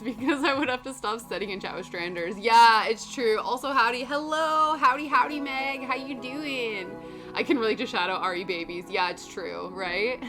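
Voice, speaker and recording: A young woman chatting casually while she cross stitches on a stream, rambling through stories and answering chat. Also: medium pitch. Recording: background music under voice.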